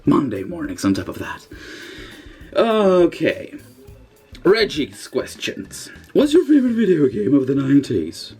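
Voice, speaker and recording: A man's voice: huge pitch swings, unhurried, a little mellow, husky, faint music behind. A man answering forum questions in a casual vlog, joking and swearing, reading each question out before answering, recorded in a bathroom. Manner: profane, joking, reads questions aloud then answers with wild pitch jumps. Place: indoors in a bathroom.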